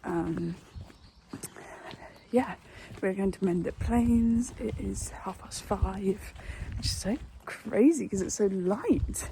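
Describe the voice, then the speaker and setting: A woman's voice: medium pitch, takes it slowly, vocal fry, a little hiss or hum. A young woman chatting casually to camera in a stable yard, cooing to her horses between remarks. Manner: talks softly, coos to her horses. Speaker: equestrian vlogger. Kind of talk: casual vlog chat.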